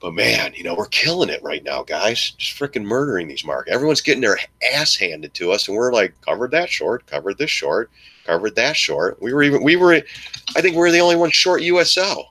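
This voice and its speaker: A man giving excitable live stock market commentary to his viewers, joking and swearing as he goes. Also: medium pitch, brisk, breathy edge. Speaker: stock trading streamer.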